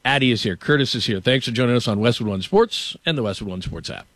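A middle-aged man hosting a sports radio show, chatting loosely and telling stories with lots of fillers and quick laughs. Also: medium pitch, lively intonation, a bit bright, dry recording. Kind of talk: casual morning radio chat and storytelling. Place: radio studio. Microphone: studio microphone.

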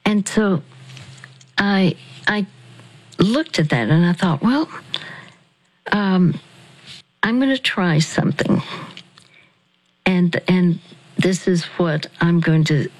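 A woman speaking on a radio ministry show, talking slowly and deliberately, repeating phrases for emphasis. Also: lowish voice, expressive, rough recording. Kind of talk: radio talk with a caller.

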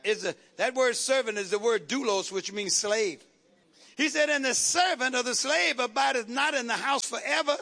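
High bright-voiced preacher, shouting refrains. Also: male voice, normal speed, gravelly. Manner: preaching cadence with rhythmic repetitions and shouted refrains. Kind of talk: call-and-response sermon.

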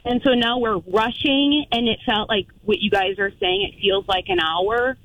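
A woman's voice: medium pitch, normal speed, fairly bright tone, dry recording, dull audio. A woman calling into a radio show, animatedly telling a personal story and acting out what she and others said. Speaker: caller.

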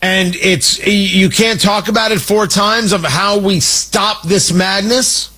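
A man's voice: sits high, steady tone, slow pace, sharp tone, breathy edge, poor audio. A man hosting an opinion show, talking in an indignant, combative, mocking way. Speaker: political commentator host. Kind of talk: opinion monologue.

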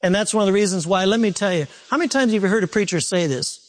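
A man preaching a sermon to a congregation in an animated, conversational way, repeating points and turning to asides. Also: high-pitched, racing. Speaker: pastor.

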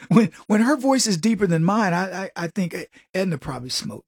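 A man's voice: sits high, lively intonation, moderate pace, breathy edge, no room sound, clean studio sound. A man delivering a sarcastic, mocking political commentary monologue in a casual, conversational way.

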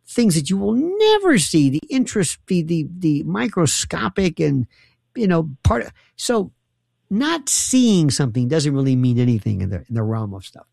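Gravelly teasing radio talk host man. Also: a little high, sing-song, moderate pace, a little mellow, no echo, studio quality. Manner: teasing, mock-bewildered, rambling. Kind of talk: bantering call-in radio talk.

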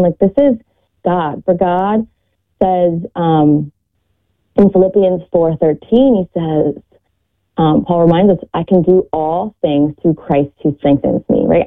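A woman's voice: fairly low pitch, phone-quality sound. A woman guest, a mother and podcaster, talking earnestly about faith and parenting. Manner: earnest, heartfelt, quotes scripture. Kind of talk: reflective faith talk.

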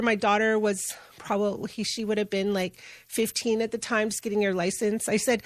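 A middle-aged woman from Canada speaks as an interview guest in a relaxed, earnest storytelling manner, circling back and restarting her sentences as she goes. Her voice sits at a medium pitch. The recording is close and dry, with no room echo. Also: moderate pace, few pauses. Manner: earnest, conversational, with restarts and fillers. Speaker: guest, justice advocate.

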